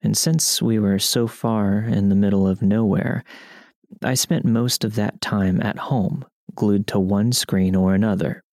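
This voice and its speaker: A man narrating first-person stories as scripted narration, even and matter-of-fact. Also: fairly low pitch, a little slow, no room sound, clean studio sound. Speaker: story narrator.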